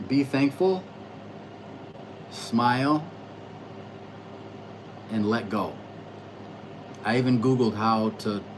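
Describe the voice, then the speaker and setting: Rambling, excitable man hosting a livestream. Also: medium pitch, a little hiss or hum, poor audio. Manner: rambling and reflective, with frequent restarts and stammers; talks loudly and excitedly, addressing viewers in chat. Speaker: livestream host reading astrology charts. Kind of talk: casual livestream monologue.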